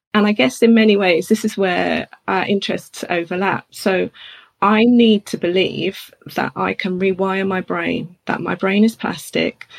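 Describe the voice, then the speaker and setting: A woman's voice: on the low side, gravelly, husky. A woman speaking openly as an interview guest, chatty and laughing now and then as she tells hard personal things.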